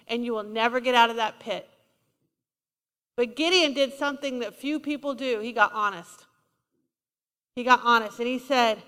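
A woman delivers a sermon in a church, talking in a conversational, emphatic way and asking her listeners questions. Her voice is high and bright. It rings with the long reverb of a large hall. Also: normal speed. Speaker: preacher.

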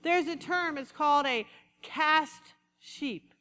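High, bright-voiced woman preaching. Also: slow pace, in a large hall. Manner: animated, conversational preaching with acted-out asides. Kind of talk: sermon.

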